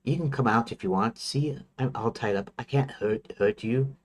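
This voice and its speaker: A man reading the lines of a young princess who gently coaxes a shy mouse, in his own barely changed voice. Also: mid-range voice, normal speed, close to an everyday voice. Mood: coaxing. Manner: gentle coaxing, barely altered voice.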